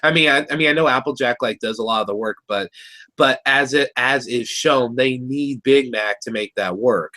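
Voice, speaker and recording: A man co-hosting a cartoon review show, talking in an animated, rambling way with many restarts. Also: medium pitch, moderate pace. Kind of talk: casual review chat.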